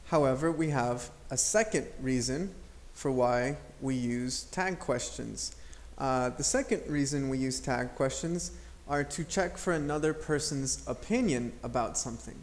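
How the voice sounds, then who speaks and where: A man's voice: medium pitch, unhurried. A man teaching an English grammar lesson, explaining patiently and modeling intonation aloud.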